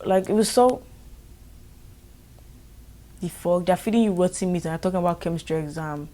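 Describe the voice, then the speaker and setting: A young woman with a Nigerian accent tells a storytime vlog, lively and exasperated. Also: fairly low pitch, moderate pace, pauses often. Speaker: vlogger.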